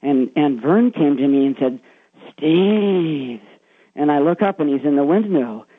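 A man's voice: a little high, animated, a little fast. A man calling into a radio show, retelling a secondhand ghost story in a rambling way and putting on spooky voices for the quotes. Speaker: caller. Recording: thin, tinny phone line.

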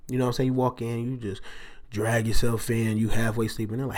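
Animated man telling a story casually. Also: medium pitch, brisk. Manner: animated, jumps into exaggerated character voices and back. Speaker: podcast host.

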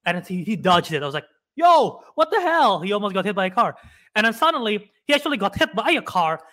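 Young male podcast co-host, high and bright, rambling casual retelling. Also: lively intonation. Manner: rambling, retells scenes with quick acted-out quotes. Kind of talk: casual chat.

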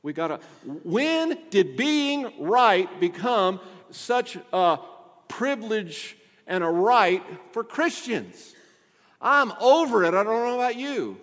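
Man, pastor, sermon, high-pitched, loud emphasis and hushed asides, long hall reverb. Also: sing-song, slow.

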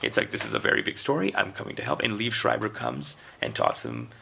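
A man's voice: on the low side, huge pitch swings, fast, vocal fry, sharp tone, slightly rough. A man from India chatting casually on a podcast, telling rambling stories and acting out quoted voices. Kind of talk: casual chat.

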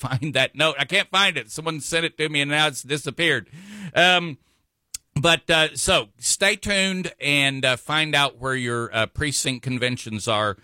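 Rambling radio host, forceful voice. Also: male voice, medium pitch, measured pace, no room sound, clean studio sound. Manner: rambling, full of fillers and self-corrections. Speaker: radio talk show host. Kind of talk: local talk radio monologue.

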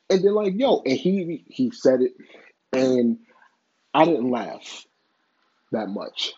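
Male commentator, mellow and a bit raspy, swearing freely while speaking his mind, on a dull lo-fi mic. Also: medium pitch, big pitch swings, slow, pauses often. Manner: blunt, profane, opinionated. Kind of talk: casual opinion commentary.

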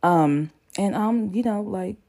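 A young woman, telling a story to her viewers in a chatty, slangy, animated way. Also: medium pitch, takes it slowly, gravelly. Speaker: vlogger. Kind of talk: casual storytelling to camera.

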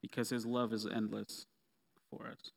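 A man preaching a sermon in a relaxed, conversational way with playful asides. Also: fairly low pitch, normal speed, creaky. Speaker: pastor. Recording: long reverb of a hall.

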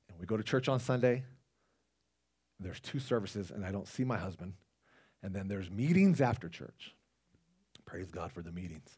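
A man with a somewhat low voice delivers a loose, conversational sermon. He wanders into asides and restarts his sentences as he talks to the congregation. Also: expressive, moderate pace, pauses often, a little mellow, slightly rough. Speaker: lay preacher. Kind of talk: casual sermon.

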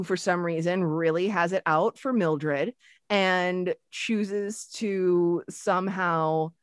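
A woman co-hosting a casual podcast chat, animated and swearing freely as she recaps a show, with lots of restarts. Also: on the low side, no room sound, clean studio sound. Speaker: podcast co-host.

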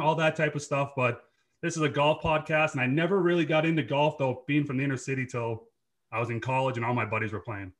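Bright-voiced Boston man, laid-back. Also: mid-range voice, fairly even intonation, quick pace. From Dorchester, Massachusetts. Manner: laid-back, laughs often, swears freely. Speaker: podcast guest, former hockey player. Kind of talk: casual chat.

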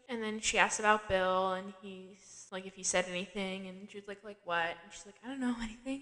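A woman's voice: mid-range voice, steady tone, fairly quick, hardly any pauses, a bit bright, big-room sound. A woman hosting a podcast, recapping a TV episode in casual, chatty talk, laughing often and filling her speech with "like". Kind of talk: casual chat.

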